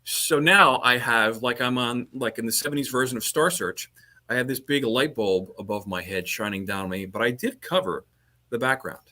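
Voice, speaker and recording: A man's voice: medium pitch, expressive, moderate pace, sharp tone. A man, talking as a guest HVAC trainer in a casual podcast chat over a video call, rambling and restarting his sentences. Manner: rambling, repeats words and restarts often.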